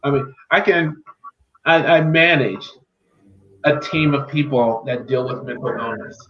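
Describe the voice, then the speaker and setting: A man's voice: medium pitch, measured pace. Man, podcast guest, earnest faith testimony, repeats himself for weight; echoey, dull remote audio with faint hiss. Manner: earnest, faith-filled, repeats key phrases. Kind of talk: personal testimony.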